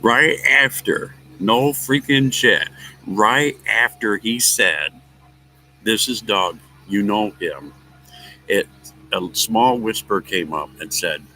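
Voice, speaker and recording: A man's voice: fairly low pitch, slow, sharp tone, slight background noise, rough recording. A man chatting casually with viewers outdoors at a picnic table, telling a rambling story and chuckling often. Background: faint outdoor ambience, dogs nearby.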